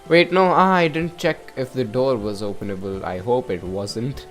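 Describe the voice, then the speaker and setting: A man's voice: mid-range voice, moderate pace, fairly bright tone, soft background music. A man casually playing a game, reading dialogue aloud and making jokes about it. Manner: casual, joking, laughs at himself. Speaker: gamer.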